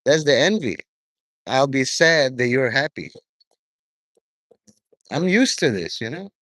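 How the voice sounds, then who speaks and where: Man, mid-pitched, drifting and profane, a dry close recording. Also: sing-song, slow pace, fairly bright tone, dry recording. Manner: profane, stream-of-consciousness, drifting between topics. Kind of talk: rambling monologue to viewers.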